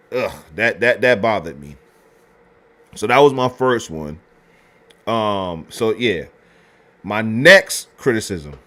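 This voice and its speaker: Male history host, casual film breakdown, slangy, rambling, mid pitch. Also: pushed and bright. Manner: loose slangy delivery with many fillers and restarts. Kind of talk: casual film review talk.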